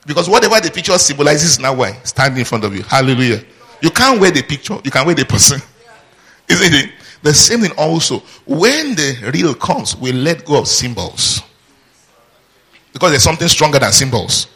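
Male pastor, bright and forceful delivery, prompts the congregation to finish his lines. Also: a little high, normal speed, husky. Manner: call-and-response, asks the congregation to finish his sentences; lively teaching with asides and laughter. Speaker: preacher. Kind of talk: sermon.

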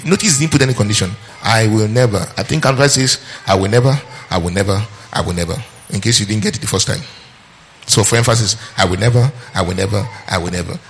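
A male preacher delivering a sermon, reading scripture and quizzing his listeners, repeating phrases for emphasis and slowing down on key verses. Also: mid-range voice, fairly bright tone, slight background noise.

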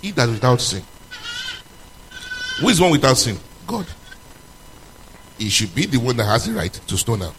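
A man delivers a sermon to his congregation, his pitch leaping and falling all through it. He hammers out loud, pointed questions, then drops to a quiet, low voice. A faint room hum sits beneath him. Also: normal speed, long pauses, low-quality recording. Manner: animated preaching, swinging between loud emphatic questions and low, quiet passages. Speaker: preacher.

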